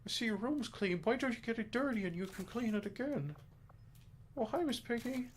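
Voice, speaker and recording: A man voicing a high-pitched male frog puppet that lectures like a stern self-help guru, with a nasal warbling scold. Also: animated, normal speed, slight background noise. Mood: mock-lecturing.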